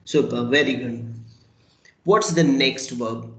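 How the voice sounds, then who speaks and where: A man teaching a French class over a video call, slow and patient, praising and prompting his students. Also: mid-range voice, fairly bright tone. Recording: echoey room.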